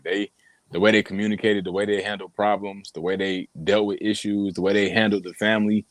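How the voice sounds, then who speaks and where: A man with a fairly low voice, chatting casually on a podcast. The sound is close and dry. He talks in a laid-back way and stresses his agreement. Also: no room sound. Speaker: podcast co-host. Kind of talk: casual chat.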